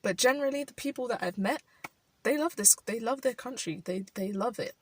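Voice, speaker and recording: A woman's voice: on the high side, fairly quick, husky, far from the mic, poor audio. A young woman from South London with a London accent, talking thoughtfully in a personal vlog, with many "like" fillers. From South London, England. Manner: thoughtful, frequent "like" fillers, soft laughs. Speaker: vlogger. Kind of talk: reflective personal monologue. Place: indoors while rain falls outside.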